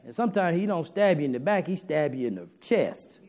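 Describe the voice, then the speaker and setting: A man's voice: fairly high pitch, lively intonation, a little fast, a little mellow. A man preaching a sermon to his congregation in a folksy, humorous way, talking straight to the listeners.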